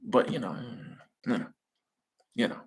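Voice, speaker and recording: Husky laid-back man chatting live. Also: mid-range voice, lively intonation, a little slow. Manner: laid-back, slangy, laughs often at his own jokes. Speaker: live stream host. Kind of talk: casual chat reading viewer comments.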